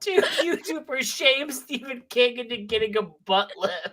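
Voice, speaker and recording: A woman's voice: on the high side, lively intonation, unhurried, a bit bright. A woman co-hosting a casual livestream, trading teasing jokes. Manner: joking, teasing.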